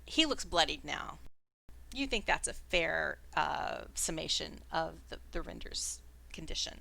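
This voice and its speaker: A woman's voice: low-pitched, sing-song, unhurried, creaky, pushed and bright. A woman narrating as dungeon master in a casual way, with playful sound effects and fillers, over an online voice call. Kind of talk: narrating a tabletop game.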